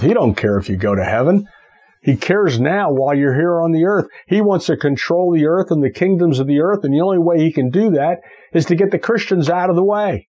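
A man's voice: a little high, a little mellow, breathy edge. A man preaching a sermon, fervently exhorting listeners and leading them in spoken declarations of faith.

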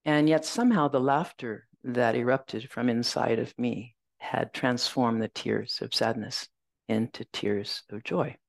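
A woman Zen teacher giving a dharma talk, reflective and gentle, telling a personal story and reciting verses slowly. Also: rumbling low, creaky, no echo.

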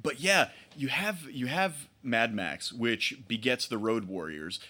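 A man's voice: medium pitch, animated, unhurried, sharp tone, slightly rough. A man co-hosting a podcast in casual chat, wry and joking, laughing often. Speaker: podcast co-host.

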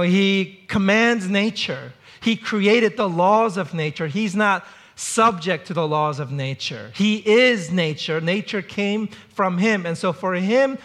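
A man with a high, bright voice preaches to his congregation. He talks in a relaxed, conversational way, slipping into short acted-out quotes to make his points. He sounds middle-aged. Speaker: pastor. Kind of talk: sermon.

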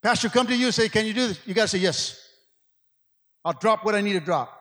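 A male preacher delivering an energetic sermon in church, sweating from the effort and peppering his lines with amens. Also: sits high, quick pace. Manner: call-and-response, frequent amens. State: sweating from exertion. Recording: long hall reverb.

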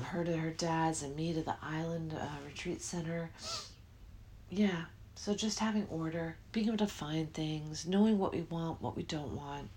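Middle-aged woman, podcast host, low voice, rambling spiritual talk, faint room hiss. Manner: rambling, self-interrupting, yawning often. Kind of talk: casual spiritual podcast monologue.

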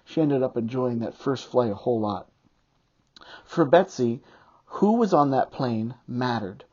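A pastor delivers a sermon, reading scripture in an unhurried preaching cadence. The voice is mellow and somewhat husky. The recording is muffled and lo-fi. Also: mid-range voice, expressive. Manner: reads scripture aloud in a measured preaching cadence.

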